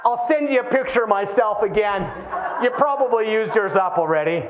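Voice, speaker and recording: A man in his thirties giving a live keynote talk, lively and playful, acting out quoted voices as he goes. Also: high-pitched, brisk, narrow, tinny audio, a crowd in the background. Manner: animated, acts out quoted voices. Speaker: keynote speaker.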